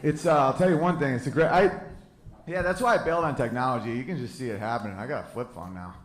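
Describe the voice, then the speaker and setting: A man in his thirties doing a brash, profane stand-up comedy set live on a club stage. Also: medium pitch. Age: 30s. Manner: brash, loose and profane, with quick jokey asides. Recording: roomy live club recording with audience laughter.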